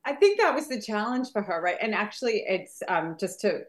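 A woman author as a podcast guest, giggly and a little rambling, quick to apologize. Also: mid-range voice, very animated. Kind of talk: casual interview chat.

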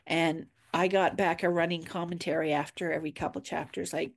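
A woman's voice: lowish voice, fairly even intonation, brisk. An author chatting casually about her books, acting out quoted dialogue as she tells a story. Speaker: author guest. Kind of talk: casual chat.

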